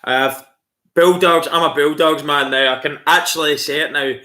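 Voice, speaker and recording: A man's voice: a little high, steady tone, moderate pace, bright, forceful tone. A man hosting a casual live stream, chatty and rambling with lots of fillers. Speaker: livestream host.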